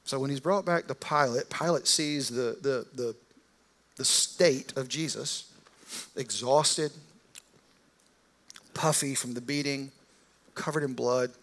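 A man's voice: mid-range voice, slow, pauses often, a bit bright. A man preaching a sermon, retelling a story in a casual, vivid, conversational way. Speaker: pastor.

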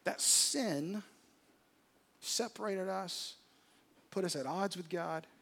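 A male pastor with a high voice delivers a sermon in church. He drops to near-whispers, then builds to loud, driving peaks. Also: slow, vocal fry. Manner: dramatic, swings from hushed to loud. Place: church service.

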